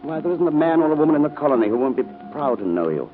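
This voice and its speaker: An actor in 1940s radio acting, playing a devoted husband who speaks tenderly and reassuringly. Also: male voice, on the high side, big pitch swings, racing. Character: devoted, protective husband, middle-aged. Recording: narrow-band 1940s radio broadcast with music.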